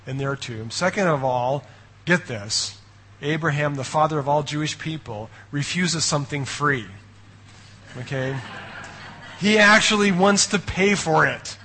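A man preaching a sermon in an animated, conversational way, checking in with his listeners through frequent rhetorical questions. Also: fairly high pitch, breathy edge. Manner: animated storytelling. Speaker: pastor.

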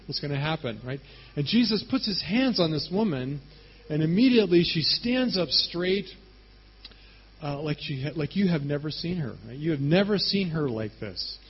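A man preaching a sermon, telling the story in a casual, animated way and often checking in with "right?". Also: fairly high pitch, husky, dull audio. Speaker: pastor.

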